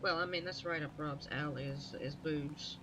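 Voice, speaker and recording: A woman's voice: sits low, fairly even intonation, moderate pace, noisy background. A woman streamer giving playful, teasing commentary over a video game. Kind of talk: gameplay commentary.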